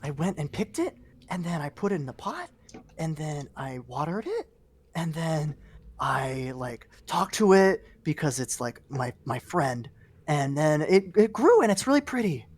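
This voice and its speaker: Cheerful chatty little girl, put on by the GM, run-on sentences, middle-pitched. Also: sing-song, measured pace, a little mellow, husky. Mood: sweet.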